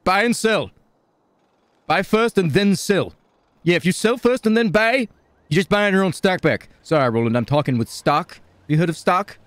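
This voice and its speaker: A man's voice: sits high, expressive, normal speed, a bit bright, no room sound. A man playing a stoned, hyper male gambler and self-styled entrepreneur who rambles and repeats catchphrases in a game role-play. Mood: scheming. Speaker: role-player.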